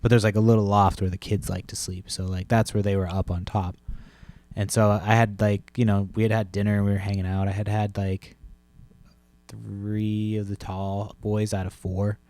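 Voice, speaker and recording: Podcast host with a chest cold, a low-pitched man in his thirties telling a rambling, cursing story, dry close mic. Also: level tone, normal speed, mellow, dry recording. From Massachusetts, USA. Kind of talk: casual rambling monologue.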